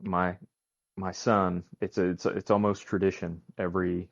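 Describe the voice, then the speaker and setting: Low gravelly podcast co-host. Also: male voice, little pitch movement, normal speed, highs cut off, slight background noise. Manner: hesitant, many ums, wry jokes. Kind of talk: casual chat.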